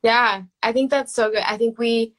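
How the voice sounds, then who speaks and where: A woman's voice: fairly high pitch, steady tone, moderate pace, fairly bright tone. A woman co-hosting a casual faith podcast, talking reflectively with many fillers. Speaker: podcast co-host.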